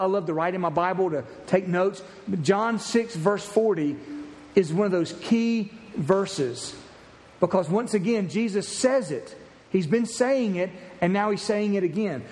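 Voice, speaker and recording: A man's voice: sits high, a little mellow, in a large hall. A man preaching a sermon as pastor, emphatic and repeating key phrases for emphasis.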